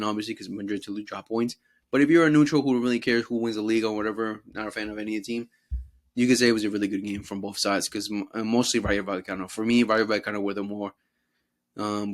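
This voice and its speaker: A young man hosting a casual football talk show, swearing freely and mocking players in put-on voices. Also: fairly low pitch. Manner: profane, animated, mocks players in put-on voices. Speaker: podcast host.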